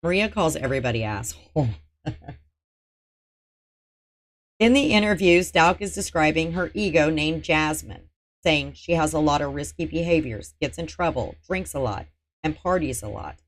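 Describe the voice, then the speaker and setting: Low-voiced woman recapping a trial. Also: expressive, normal speed. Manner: dry, sarcastic asides between read-out testimony. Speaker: true-crime channel host.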